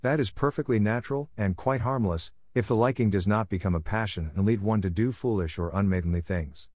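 A man voicing a gentle, grave middle-aged mother in a storybook reading. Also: on the low side, fairly quick, lightly acted.

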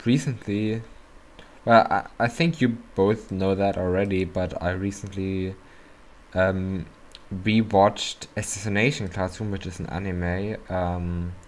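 A man's voice: sits low, steady tone, measured pace. A man with a German accent hosting a podcast in casual chat. He rambles and hesitates over remote audio, with many fillers. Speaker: podcast host. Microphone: remote call mic.

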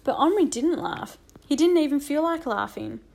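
A woman narrating a children's audiobook with a lively, expressive reading. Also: high voice, normal speed, vocal fry.

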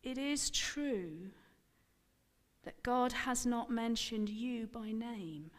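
A woman's voice: sits high, takes it slowly, in a large hall. A woman reading the lines of a firm but tender old man in a scripted sermon passage.

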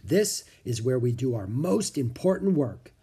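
Calm formal monk for a storybook, voiced by a man, husky, expressive. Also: mid-range voice, a little slow, exaggerated voice. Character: calm, welcoming grown male monk. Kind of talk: storybook reading.

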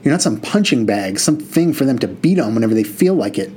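A man's voice: mid-range voice, big pitch swings, fairly quick, dark tone, slightly rough. A man voicing a middle-aged mother, tearful and pleading as she defends her son. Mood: tearful, fierce.

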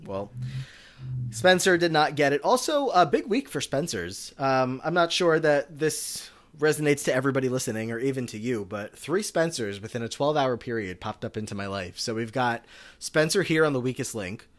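A man's voice: mid-range voice, animated, normal speed, fairly bright tone. A man co-hosting a podcast, chatting casually and rambling with lots of filler words. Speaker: podcast co-host. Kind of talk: casual recap chat.

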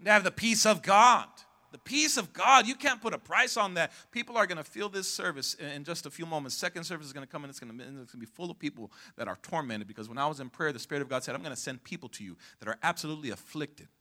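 A man preaching a sermon as pastor, calling out to the congregation to respond and rising to shouts at the peaks. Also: fairly high pitch, animated, very fast, few pauses. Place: church sanctuary.

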